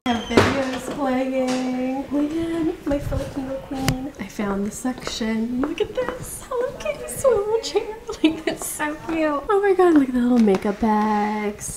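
A young woman in her twenties talks into her phone camera in a bright, high voice, gushing and excitable with a casual swear here and there. It sounds like an everyday vlog with a faint hiss of background noise underneath. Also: measured pace, hardly any pauses. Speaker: vlogger. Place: shops and home, filmed on the go.

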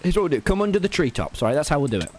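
A young man livestreaming a game, loud, excitable and bossy, swearing freely. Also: a little high, very fast. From United Kingdom. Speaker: streamer. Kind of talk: casual gaming livestream chat. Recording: stream with music under the voice. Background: background music.

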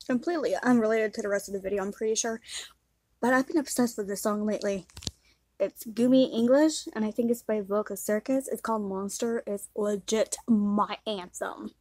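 A woman's voice: on the high side, a little fast, darkish tone. A young woman hosting a reaction video, chatting casually with a giggly manner.

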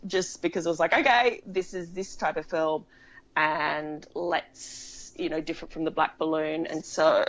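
A woman with a slightly low voice chats as a guest in an interview. She talks at length, with many restarts and easy laughter. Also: rough recording. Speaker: film writer and director, guest. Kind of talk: casual interview chat.

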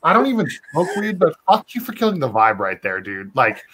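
A man's voice: on the high side, wildly swooping pitch, brisk, a bit bright, slightly rough. A man hosting a casual chat, joking and swearing, with lots of "dude" and "bro". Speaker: host.

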